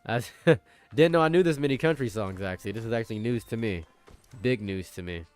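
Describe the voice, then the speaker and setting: A man's voice: medium pitch, a little fast, darkish tone, smooth, faint music behind. A man talking casually as a vlogger, rambling playfully and repeating his jokes with mock villainy. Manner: playful, repetitive, jokingly villainous.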